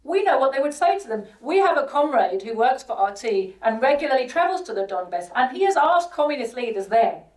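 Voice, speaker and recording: Speaking as an event's guest, this British woman delivers her speech fairly quickly, barely pausing, her high voice swinging widely in pitch. Rhetorical questions and words repeated for emphasis carry her argument. The recording is poor, with her positioned far from the microphone.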